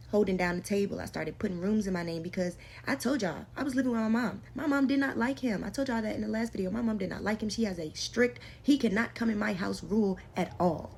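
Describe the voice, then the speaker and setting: A woman's voice: mid-range voice, fairly quick, a little mellow, a little hiss or hum. A young adult woman telling her own story in a casual storytime vlog, slangy and emphatic, repeating lines for effect.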